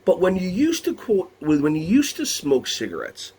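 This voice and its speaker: A man from the United States leading a lively workshop for early childhood educators, playful and energetic. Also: high-pitched, moderate pace, breathy edge. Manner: animated, playful, breaks into songs and silly voices.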